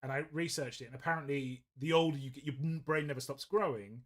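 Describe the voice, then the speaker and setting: A man's voice: medium pitch, fast. A man, casually chatting and telling rambling stories while hosting a painting stream, laughing often. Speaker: host of a painting livestream. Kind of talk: casual chat. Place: indoors at painting desk.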